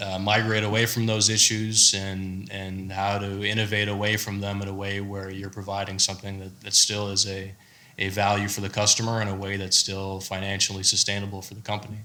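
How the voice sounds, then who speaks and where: An American man, a startup founder on a panel, giving a measured, explanatory answer. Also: lowish voice. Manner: measured, explanatory, steady delivery.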